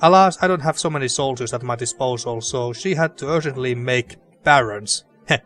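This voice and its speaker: A man's voice: mid-range voice, brisk, a bit bright, natural voice. A man reading a haughty, snobbish baron. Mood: condescending. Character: arrogant, dismissive male noble baron.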